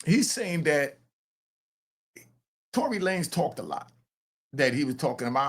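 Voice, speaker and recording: A man's voice: fairly high pitch, sing-song, unhurried, long pauses, husky. An older man and grandfather hosting a true crime show, talking bluntly and animatedly straight to his viewers. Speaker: true crime commentator and host. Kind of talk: casual streetwise commentary to camera.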